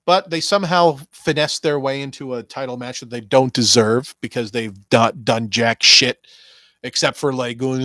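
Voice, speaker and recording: A man's voice: mid-range voice, normal speed, fairly bright tone, no room sound. Ranting sarcastic male podcast host. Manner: ranting, sarcastic, stumbling restarts. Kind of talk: rambling profane wrestling commentary.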